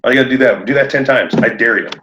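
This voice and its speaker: A man talking shop as a podcast guest, animated and laughing often as he acts out conversations. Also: mid-range voice, very fast, noisy background. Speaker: podcast guest, roofing contractor. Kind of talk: casual podcast chat. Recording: echoey room, dull lo-fi sound.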